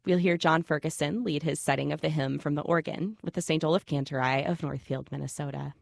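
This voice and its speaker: A woman hosting a sacred music radio program, reading scripted narration in a calm, measured, reverent way. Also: low-pitched, creaky, no echo, clean studio sound.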